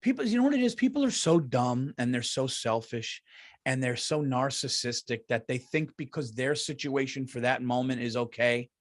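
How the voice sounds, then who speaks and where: A man's voice: mid-range voice, lively intonation, normal speed. A middle-aged man, hosting a comedy podcast in a heated, profane, repetitive rant. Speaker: podcast host.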